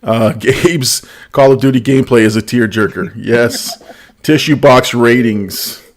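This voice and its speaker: A man's voice: mid-range voice, measured pace. A man hosting a casual live stream, reading viewer comments aloud and laughing often. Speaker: show host.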